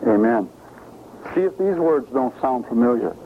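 Here a man with a mid-range voice and lively intonation preaches at a normal speed during a sermon-style Bible study. He's emphatic and keeps asking the audience questions, and faint hiss runs through the lo-fi, phone-like recording.

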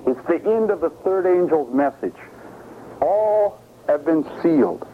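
A man's voice: on the high side, expressive, unhurried. A man preaching in a sermon-style Bible study, emphatic and asking his listeners questions. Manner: emphatic, asks the audience questions. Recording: lo-fi phone-like recording with faint hiss.

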